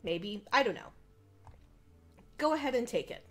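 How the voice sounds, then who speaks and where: A woman's voice: fairly high pitch, animated, measured pace. A young woman streaming a visual novel, chatting casually and reading the text aloud, rambling and laughing at herself. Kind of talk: casual let's-play chat and reading aloud.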